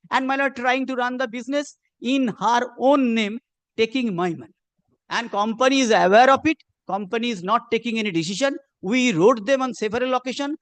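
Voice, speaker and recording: A male advocate presses his case in a courtroom with a strikingly high voice. He speaks in a formal, insistent way and keeps addressing the bench. The sound is dry and close, with almost no room around it. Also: dry recording. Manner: insistent, repeats "my lord" constantly. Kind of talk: courtroom legal argument.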